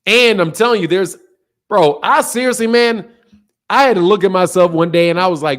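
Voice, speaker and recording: A man hosting a boxing channel, delivering a loud, profane, fired-up rant in casual stream talk, laughing between points. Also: sits high, expressive, a little fast.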